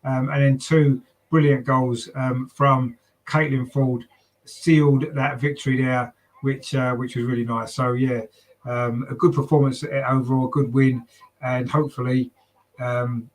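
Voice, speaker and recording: A man's voice: medium pitch, level tone, unhurried, rough recording. A man from London with a southern English accent hosts a live fan watchalong, commentating on a match and reading out chat comments in a chatty way, with lots of ums and tag questions. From London, England.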